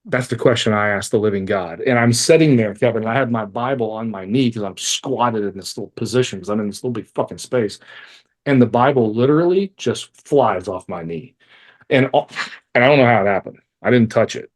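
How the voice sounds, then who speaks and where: Speaking briskly in a lowish voice, this forties-aged life coach shares a personal story on a podcast as a guest. He's open and lively, curses liberally, and mocks himself along the way.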